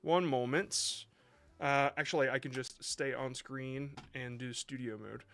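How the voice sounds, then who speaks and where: Bright-voiced man hosting a casual live stream. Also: mid-range voice, steady tone, unhurried. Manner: rambling, reassuring, thinks aloud while fixing his stream setup. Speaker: live-stream host reviewing viewers' short videos.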